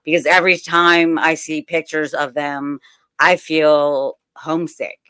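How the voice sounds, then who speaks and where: A woman's voice: sits low, level tone, measured pace, sharp tone, clean tone, dry recording. A woman with a Southern US accent chatting eagerly as a guest, rambling with frequent ums. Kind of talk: casual video-call chat.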